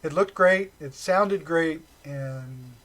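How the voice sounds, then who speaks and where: Bright-voiced, excitable male podcast host. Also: takes it slowly, rough recording. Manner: excitable, trailing off into low mutters. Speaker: podcast host and film reviewer. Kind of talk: casual podcast review.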